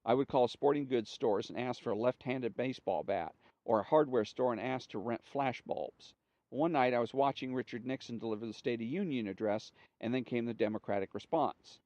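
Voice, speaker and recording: A man reads a printed interview aloud, giving each speaker's name before their lines. His voice sits at an ordinary middle pitch for a man. The recording is dry and close, with a slightly muffled, lo-fi edge. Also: brisk, a little mellow, no echo. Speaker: reader. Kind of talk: reading a magazine interview aloud.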